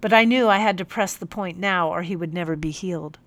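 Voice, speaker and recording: Woman, audiobook narrator, first-person storytelling, calm, measured, lowish voice, dry close mic. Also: no room sound.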